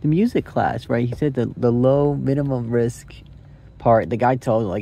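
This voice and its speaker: A man's voice: medium pitch, normal speed, vocal fry, dark tone. A young man reviewing a movie into his phone in a casual, rambling way, cursing freely and thinking aloud. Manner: rambling, curse-laden, thinks aloud with many likes and rights.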